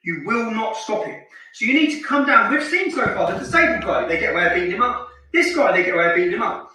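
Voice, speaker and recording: A man's voice: high-pitched, expressive, fast talker, pushed and bright, heavy reverb, far from the mic, poor audio. A man from Luton delivering heated, scornful commentary over a street video, hammering his points through repetition. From Luton, England. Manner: heated, scornful, repeats phrases for emphasis. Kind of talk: indignant ranting commentary.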